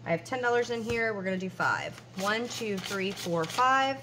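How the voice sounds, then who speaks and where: At home, a woman in her forties who vlogs about budgeting counts money out loud, chatting to herself between the numbers. She has a mid-range voice at a moderate pace, and there's background noise.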